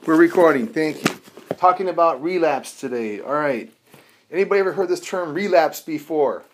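A man teaching a recovery group in a casual, animated way, acting out bits of dialogue and swearing now and then. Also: fairly high pitch, normal speed, slight background noise. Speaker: recovery class instructor.

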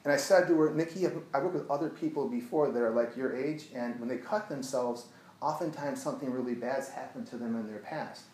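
A man working as an addiction therapist, telling a client story to an audience in an earnest voice that drops to a hushed tone when he retells it. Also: mid-range voice, fairly quick, reverberant, slight background noise, poor audio.

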